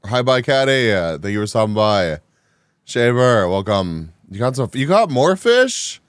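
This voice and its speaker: A man streaming live, chatting casually with his viewers, animated and quick to laugh, sounding a bit groggy after a nap. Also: medium pitch, clear, resonant tone, no room sound, clean studio sound. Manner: animated, reactive, laughs often. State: groggy after just waking. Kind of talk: casual chat, reading chat live.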